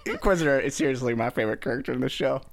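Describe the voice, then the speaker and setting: A man's voice: mid-range voice, very fast, vocal fry. A man hosting a fan after-show, casually recapping an episode and acting out lines with a laugh. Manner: animated retelling, acts out quoted lines with a laugh.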